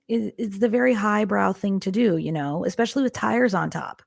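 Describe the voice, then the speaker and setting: Gravelly-voiced woman telling a dark story. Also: mid-range voice, fairly quick, few pauses, no echo, clean studio sound. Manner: wry, dark humor, draws out the story. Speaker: podcast co-host and storyteller. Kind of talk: casual true-crime storytelling.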